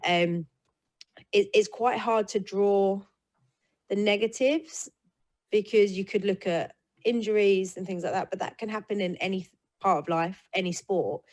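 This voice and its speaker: A woman's voice: mid-range voice, fairly even intonation, unhurried, darkish tone. Woman guest on a casual panel. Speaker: panel guest, rugby player.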